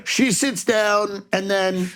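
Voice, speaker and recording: A man with a fairly high voice rants through a comedy podcast, rambling and sarcastic. He keeps slipping into little impressions of the people he is mocking, all in his own voice. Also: slow pace, fairly bright tone. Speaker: comedian guest.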